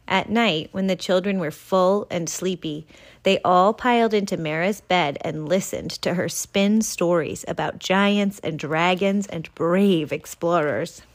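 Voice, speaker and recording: Slow, expressive woman reading a picture book. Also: fairly low pitch. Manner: expressive, storytelling. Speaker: reader.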